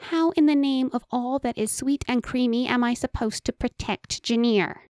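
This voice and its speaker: A woman's voice: on the high side, normal speed, a little mellow, no echo, studio quality, pitched above the performer's own voice, natural voice. A woman voicing a playful, sweet-toothed male enchanter who chatters theatrically in an audiobook. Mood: teasing. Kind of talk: audiobook character voice.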